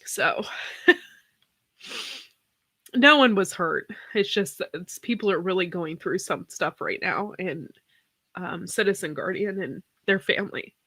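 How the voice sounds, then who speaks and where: A woman's voice: lowish voice, animated, a little slow, pauses often, sharp tone, breathy edge, no echo, studio quality. A woman hosting a casual live stream, tearful after crying, talking in a rambling way with sighs and many restarts. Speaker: host of a farm channel live stream.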